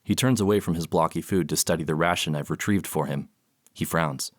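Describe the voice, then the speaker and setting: A male audiobook narrator with a low, deep voice reads in a measured, even way. The sound is close and very dry, with no room echo. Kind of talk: scripted narration.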